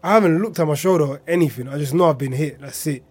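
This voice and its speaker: Soft-spoken East London man, mellow tone. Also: on the high side, fast talker. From Hackney, East London. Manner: quiet, reflective, often trailing off softly. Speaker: interviewee. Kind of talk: personal storytelling.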